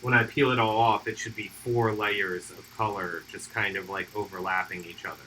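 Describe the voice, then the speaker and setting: The recording is rough, with slight background noise, as a man with a fairly low voice hosts a hobby painting livestream at normal speed. He hiccups while casually explaining his airbrushing, relaxed and thinking aloud.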